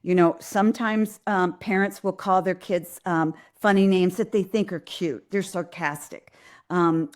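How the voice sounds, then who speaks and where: A woman's voice: fairly low pitch, unhurried. Earnest middle-aged woman giving parenting advice. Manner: earnest, direct, acts out parents' and kids' lines in quotes. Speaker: pediatrician and parenting host. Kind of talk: live Q&A parenting advice talk.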